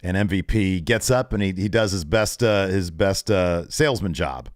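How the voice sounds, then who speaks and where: A man co-hosting a podcast walks through a wrestling show conversationally, speaking at a moderate pace in clean studio audio with no room sound. He gets animated as he retells it, performing quoted lines in a higher pitch.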